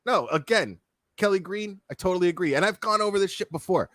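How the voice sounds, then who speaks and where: A man's voice: high-pitched, animated, fairly quick, fairly bright tone, no echo. Profane, heated man ranting on stream. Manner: profane, heated, talks straight to chat. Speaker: streamer commenting on a video. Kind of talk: casual ranting commentary.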